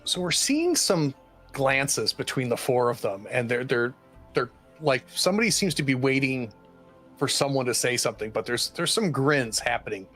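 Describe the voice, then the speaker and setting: A man's voice: mid-range voice, animated, moderate pace, a bit bright, soft background music. A man running a tabletop horror game as game master, hesitant and full of ums and restarts.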